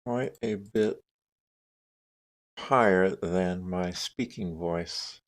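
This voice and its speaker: Male streamer, unhurried and a bit low, casual chat into a desk mic. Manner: unhurried, thinking aloud while adjusting audio settings. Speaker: live streamer. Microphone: desk microphone with noise gate and compressor.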